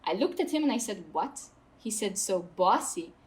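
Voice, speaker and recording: A woman's voice: fairly high pitch, expressive, a little mellow. A woman in her thirties from Saudi Arabia, talking candidly and emphatically as a podcast guest. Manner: outspoken and emphatic, quick asides. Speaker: guest, mountaineer.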